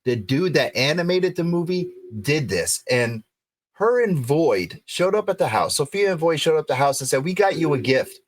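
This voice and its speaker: A middle-aged man co-hosting a podcast stream, chatting in an excitable, effusive way. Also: on the high side, moderate pace. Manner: excitable and effusive, voice jumping up when thrilled. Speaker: podcast co-host. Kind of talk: casual livestream chat.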